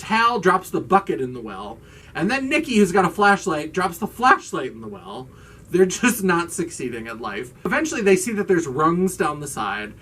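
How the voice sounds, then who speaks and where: A woman hosting her channel, recapping a horror film in a casual, animated way and acting out the characters' lines. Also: low-pitched, distant mic, a little hiss or hum. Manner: animated, acts out characters' lines, swears for laughs. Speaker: host.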